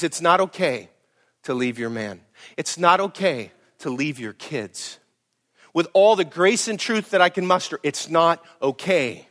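A middle-aged man, a pastor preaching a sermon in a blunt, emphatic way, swinging from loud to hushed. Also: on the high side.

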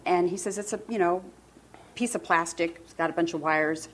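A woman's voice: lowish voice, steady tone, fairly quick. A woman in her sixties giving an earnest, emotional personal testimony in a church talk on marriage. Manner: earnest and emotional, quotes others vividly. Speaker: marriage ministry speaker.

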